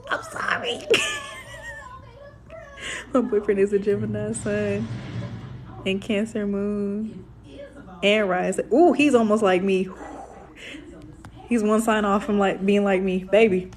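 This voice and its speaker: A young woman, hosting a casual astrology live stream in a sassy, animated way. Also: medium pitch, unhurried, long pauses. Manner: sassy, animated, calls viewers "baby".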